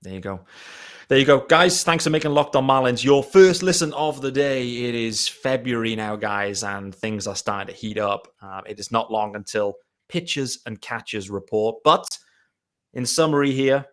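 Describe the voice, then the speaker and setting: A man's voice: medium pitch, moderate pace, a bit bright. A man from Britain hosting a podcast, friendly and chummy as he wraps up the show. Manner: friendly, chummy wrap-up talk. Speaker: podcast host. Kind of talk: casual chat.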